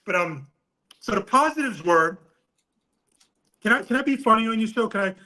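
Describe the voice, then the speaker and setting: Telling a story in a casual interview, this middle-aged New York City boxing coach is animated, laughs often, and swears. His voice is high-pitched, his pace moderate, and the recording rough.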